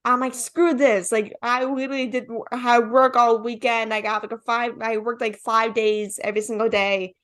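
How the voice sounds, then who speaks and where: A woman's voice: a little high, little pitch movement, moderate pace, few pauses, fairly bright tone. A young woman, a podcast host, chatting casually and saying "like" again and again. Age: young adult. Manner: chatty, says "like" constantly. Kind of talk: casual interview chat.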